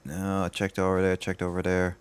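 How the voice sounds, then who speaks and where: His voice is low, monotone and brisk, with a clean tone. While streaming a game, the young man rambles through his play and tells a long story, filling it with restarts and filler words.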